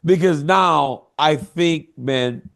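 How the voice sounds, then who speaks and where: A man's voice: on the high side, slow, vocal fry, a bit bright. A man co-hosting a podcast, teasing and incredulous in casual chat. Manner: teasing, incredulous, says bro a lot. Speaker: podcast co-host.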